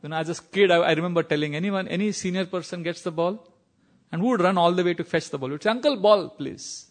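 Here a man from India, a spiritual teacher, gives a scripture class in an Indian accent, mixing stories with quoted Sanskrit verses and bursts of laughter. He talks rapid-fire in a high-pitched, steady tone.

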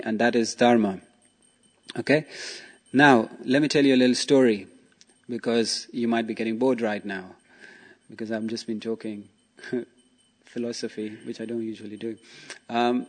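A man giving a casual spiritual talk as a teacher, telling stories and asking rhetorical questions. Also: medium pitch. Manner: chatty, asks rhetorical questions, frequent 'you know' and 'okay'.

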